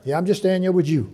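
A man preaching a sermon in church, repeating phrases and building to shouted call-and-response. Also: high voice.

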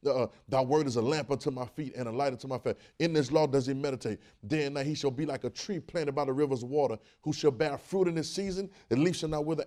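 A man's voice: a little high, darkish tone. A man preaching a sermon, with emphatic, rising bursts and repeated phrases.

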